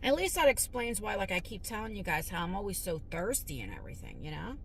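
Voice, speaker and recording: Middle-aged woman vlogger, car vlog, anxious and halting, restarts a lot, loud car noise behind. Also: mid-range voice, very animated, vocal fry. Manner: worried, halting, with restarts and stutters. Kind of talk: casual vlog chat. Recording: noisy car interior.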